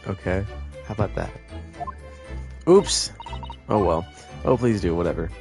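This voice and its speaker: A man giving casual, joking let's-play commentary in low, mumbled asides with crude humor. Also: expressive, a little slow, darkish tone, faint music behind. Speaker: gaming video creator.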